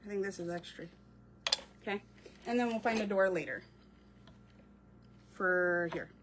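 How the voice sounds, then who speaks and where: A woman's voice: medium pitch, measured pace, noisy background. A woman chatting casually while she crafts, answering viewers as she works. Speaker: craft creator. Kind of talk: casual crafting livestream chat.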